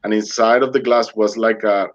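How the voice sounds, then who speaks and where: A man's voice: lowish voice, moderate pace. Man telling a personal story, muffled stream audio. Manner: animated, acts out dialogue in other voices; non-native English grammar. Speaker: interview guest. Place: remote online interview.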